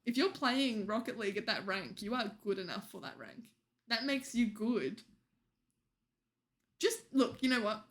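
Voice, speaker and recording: A woman's voice: a little high, animated, unhurried, pauses often, a bit bright. Chatty teasing woman streamer. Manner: chatty and teasing, laughs often. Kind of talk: casual late-night chat with viewers.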